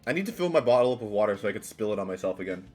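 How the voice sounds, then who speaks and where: A man's voice: fairly low pitch, very animated, racing, a little mellow. A man streaming live, chatting casually in a rambling, self-mocking way and often restarting his sentences. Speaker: streamer playing a party game. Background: faint background music.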